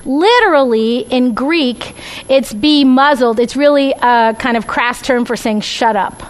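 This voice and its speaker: A woman's voice: high voice, a little slow, poor audio. A woman teaching a Bible study class with slides, talking conversationally and often checking in with "right?" and "okay?".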